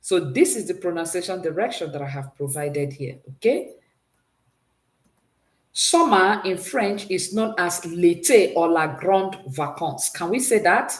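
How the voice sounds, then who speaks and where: A woman's voice: fairly low pitch, lively intonation, unhurried, echoey room. A woman teaching a French exam-prep class, patiently drilling pronunciation and praising answers often. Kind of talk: exam-prep language lesson.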